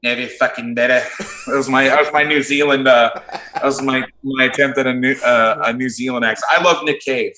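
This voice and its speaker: A man who coaches football, breaking down defensive play calls in a casual chat, blunt and quick to swear. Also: medium pitch, steady tone, pushed and bright. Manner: blunt, swears freely, explains plays in detail. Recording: roomy echo.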